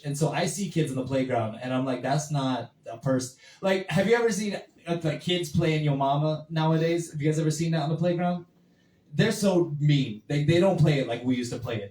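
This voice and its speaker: A young man in his twenties works through a stand-up set, his talk full of fillers and quick acted-out quotes. His voice sits a little high. He sounds set back from the mic in an echoey little room. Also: darkish tone. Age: 20s. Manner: rambling, filler-heavy delivery with acted quotes. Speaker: stand-up comic. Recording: roomy, far from the mic.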